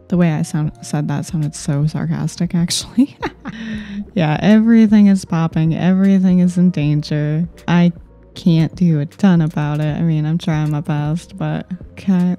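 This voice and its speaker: A woman's voice: on the low side, moderate pace, warm tone, faint music behind. A woman giving casual gameplay commentary, thinking aloud in a wry, self-mocking way.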